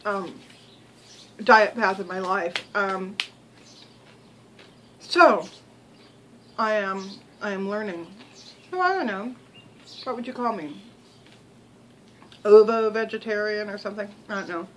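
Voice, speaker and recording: A woman's voice: mid-range voice, slow, pauses often, slight background noise, rough recording. An older woman vlogging in a rambling, chatty way, with many ums and restarts, sometimes talking while she chews. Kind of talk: casual chat to camera.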